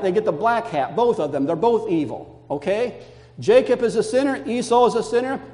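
An older man, a pastor, delivering an animated sermon with emphatic storytelling, in a church. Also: high-pitched. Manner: emphatic, animated storytelling, calming to soft reflection. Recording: long hall reverb.

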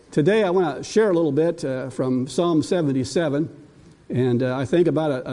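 A man's voice: a little high, dark tone. An older man preaching a sermon in a church, folksy and self-deprecating, telling stories about his grandchildren. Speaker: pastor. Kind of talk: sermon with personal anecdotes.

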